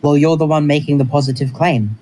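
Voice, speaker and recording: A man's voice: on the high side, a little fast, a little mellow, slight background noise, low-quality recording. A man in a heated online debate, defiant and dismissive toward the others. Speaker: debate participant on voice chat.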